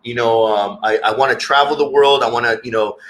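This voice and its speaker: Bright-voiced man rambling earnestly. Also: medium pitch, fairly even intonation, a little fast, rough recording. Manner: rambling, repeats words while searching for thoughts; earnest and reflective. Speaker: interview guest, entrepreneur. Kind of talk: candid conversational interview.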